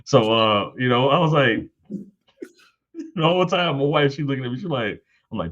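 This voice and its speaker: A man in his thirties, a guest on a church panel, telling casual stories about fatherhood with frequent laughter and high-pitched acted-out quotes. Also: moderate pace, long pauses, dull audio. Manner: animated, laughs often, acts out quotes in high voice. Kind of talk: casual storytelling.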